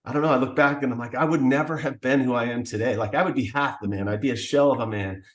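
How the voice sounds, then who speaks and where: A man's voice: mid-range voice, fast talker, echoey room. A man telling the story of his past as a podcast guest, in an earnest, emotional way. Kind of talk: personal testimony.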